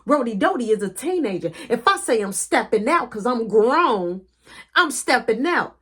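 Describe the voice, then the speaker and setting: A woman voicing her furious mother, who yells threats and curses at her children. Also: on the high side, very animated, moderate pace, slightly rough, exaggerated voice. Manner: yelling, threatening, cursing. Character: furious shouting mother, harsh and profane.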